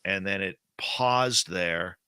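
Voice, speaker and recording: A man's voice: sits low, takes it slowly, clear, resonant tone, dry recording. A man telling a personal story as a guest in an interview, acting out what was said. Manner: animated personal storytelling, acts out quotes.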